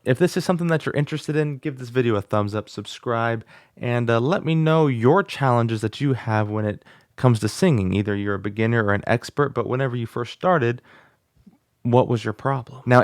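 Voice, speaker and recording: This casual vlog lesson features a man on his own music channel, talking his way through a beginner singing course and trying each vocal exercise aloud. He has a lowish voice. The studio microphone captures clean sound with no room noise.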